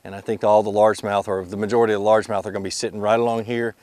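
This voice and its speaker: This fishing-video host speaks from a boat in a lowish voice, captured dry, and he's short of breath. Quick to laugh and full of excitement, he chats to each fish as he brings it in.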